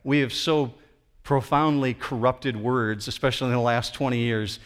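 A man's voice: mid-range voice, steady tone, normal speed, clean tone. A man preaching a sermon from the United States, dramatic and building to emphatic peaks. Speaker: pastor.

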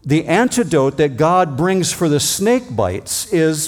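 A male pastor delivering a sermon, rising to emphatic points and dropping to quiet asides. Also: fairly high pitch, very animated, takes it slowly, few pauses. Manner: preaching with emphatic rises and quiet drops. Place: church.

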